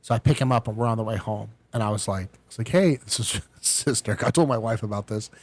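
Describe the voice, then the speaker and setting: A middle-aged man, a podcast co-host, telling a family story in casual chat and acting out the quotes with lively ups and downs. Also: fairly low pitch, quick pace, no echo. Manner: animated storyteller, acts out quotes.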